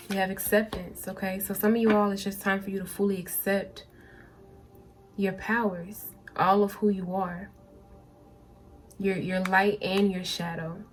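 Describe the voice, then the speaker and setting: A woman's voice: medium pitch, a little hiss or hum. A woman doing a pick-a-card tarot reading in a mid-range voice. She talks casually and speaks straight to her viewers, often repeating and restarting her phrases. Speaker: tarot reader.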